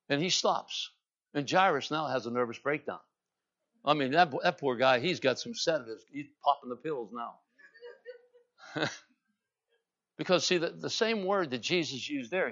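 A man preaching a sermon, telling the story dramatically and swinging from loud declarations to hushed asides. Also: medium pitch. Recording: dull lo-fi sound.

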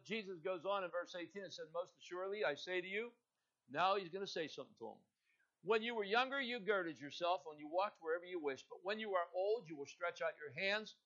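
High-voiced, fervent male preacher. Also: muffled recording. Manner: rising to loud, emphatic preaching, acting out scripture dialogue. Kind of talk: sermon.

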